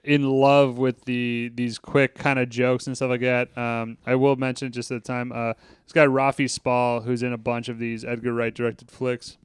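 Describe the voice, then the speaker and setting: A man's voice: mid-range voice, flat delivery, normal speed, smooth, no room sound, clean studio sound. A man hosting a casual movie review podcast, talking loosely with some swearing and acting out lines from scenes. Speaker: podcast host.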